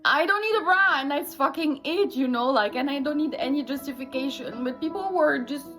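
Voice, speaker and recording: A woman's voice: high-pitched, fairly quick, fairly bright tone, faint music behind. A young woman speaking candidly and emphatically in a personal vlog, swearing freely.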